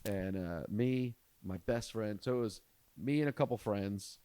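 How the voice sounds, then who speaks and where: A young man with a lowish voice tells a long, rambling story on a podcast, loose and chatty. He breaks into little impressions of the people in it. The sound is dry and close to the mic. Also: measured pace, smooth, dry recording. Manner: rambling, animated storyteller who acts out quotes. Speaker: comedian podcast host. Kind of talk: casual storytelling chat.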